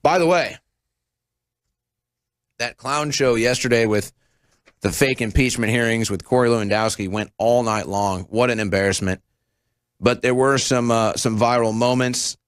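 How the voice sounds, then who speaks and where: A man's voice: medium pitch, moderate pace, long pauses, clean tone, dry recording, studio quality. A man in his thirties hosting a political talk show, commenting with sarcasm and mocking impressions. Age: 30s. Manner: sarcastic, mocking, animated mimicry. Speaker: show host.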